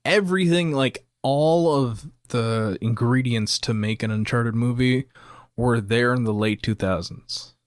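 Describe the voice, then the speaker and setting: A man's voice: medium pitch, unhurried, dry recording. Man breaking down a film, dry sound. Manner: analytical, leads the topics. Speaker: podcast co-host. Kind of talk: casual film discussion.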